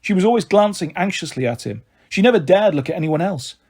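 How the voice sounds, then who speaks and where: A man reading a children's novel aloud in a steady storybook narration. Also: high voice, quick pace, breathy edge.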